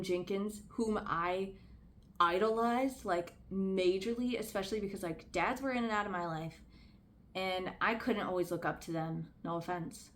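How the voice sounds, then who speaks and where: A woman's voice: mid-range voice, fairly bright tone. Vlogger, woman, mid-range voice; candid, earnest, conversational delivery. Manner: candid and conversational, heavy use of "like"; earnest, speaks out about personal experience. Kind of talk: casual commentary to camera.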